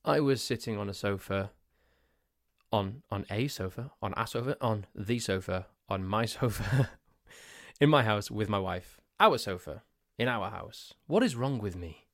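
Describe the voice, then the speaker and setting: A man's voice: lowish voice, expressive, moderate pace, fairly bright tone, no echo, studio quality. A man hosting a solo podcast, telling a story in a rambling, self-mocking way. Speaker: podcast host.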